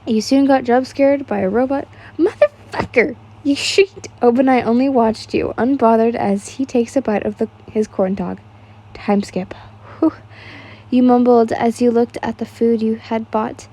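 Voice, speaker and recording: A woman's voice: fairly high pitch, fairly even intonation, moderate pace, dark tone. A young woman casually reading fan fiction aloud, stumbling over words and laughing at the text.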